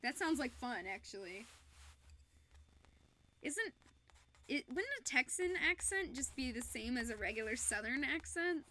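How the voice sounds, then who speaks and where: Young michigan gal chatting on her craft stream, giggly and chatty, high voice. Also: lively intonation, a little slow, pauses often, sharp tone. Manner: giggly, chatty, laughs often. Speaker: fursuit maker and streamer. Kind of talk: casual live-stream chat while crafting.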